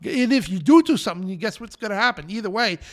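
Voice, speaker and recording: A man's voice: sits high, animated, fast, fairly bright tone. A man hosting a live show, preaching in an emphatic, defiant rant and repeating his phrases. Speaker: show host.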